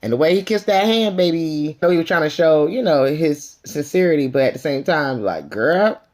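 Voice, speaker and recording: A woman's voice: low voice, normal speed. A woman recaps a reality TV episode in a loose, chatty vlog voice. She is sassy and opinionated, and she calls the cast out directly. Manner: sassy, opinionated gossip commentary; animated, calls out people directly. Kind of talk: casual episode review.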